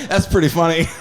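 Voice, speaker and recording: A man co-hosting a casual podcast who cracks jokes and throws out quick one-liners. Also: high voice, darkish tone. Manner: joking, quick with wisecracks. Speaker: podcast co-host. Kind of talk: casual chat.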